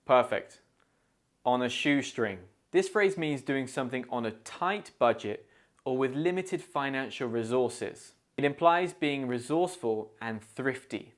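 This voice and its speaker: A man with a British accent presenting a scripted English idiom lesson, explaining each phrase clearly and modelling its pronunciation. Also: medium pitch, expressive. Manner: clear, deliberate, pronunciation-focused teaching. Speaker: English teacher.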